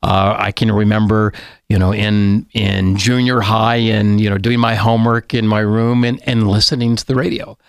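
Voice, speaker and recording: Male interview guest from D.C., low gravelly voice, deliberate, dry close mic. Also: little pitch movement, no room sound. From Washington D.C. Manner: measured, deliberate, with fillers. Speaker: radio programming executive, guest. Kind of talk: interview answers.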